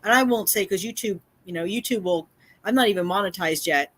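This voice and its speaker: A woman speaking live to her chat, upset and shaken as she tells her story. She lands on her points by repeating them, and her sentences are broken up with fillers and restarts. Her voice sits at a middling pitch. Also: brisk, fairly bright tone. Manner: emphatic, repeats phrases, many fillers and restarts. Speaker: livestream host and community cat caretaker.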